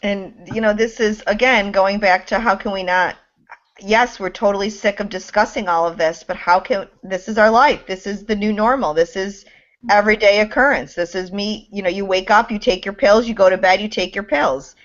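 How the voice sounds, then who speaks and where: A woman's voice: mid-range voice, moderate pace, fairly bright tone, dull audio. A woman hosting a casual chat, blunt and sarcastic, who swears freely.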